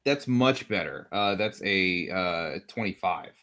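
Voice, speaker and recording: A man's voice: low-pitched, lively intonation, takes it slowly, background noise. A man playing a tabletop game, brash and laid-back, swearing casually. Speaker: player.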